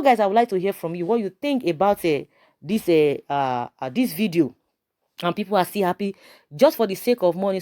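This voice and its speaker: Passionate Nigerian woman, mellow voice. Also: on the low side. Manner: passionate, preachy, rhetorical questions; stammers and repeats words. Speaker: vlogger commenting on a video. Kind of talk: opinionated video commentary.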